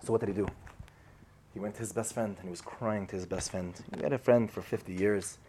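Talking a little fast in a lowish, dark voice with fairly even intonation, a man recounts a Torah parable over slight background noise. His sermon is casual and conversational, marked by repeated phrases and performed quotations.

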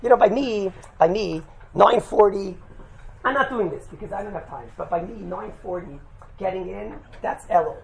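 A man teaching a religious class, telling a lively anecdote with laughs and quick "right?" asides, mixing in Yiddish and Hebrew terms. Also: sits high, creaky, a crowd in the background, low-quality recording. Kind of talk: animated storytelling talk to a group.

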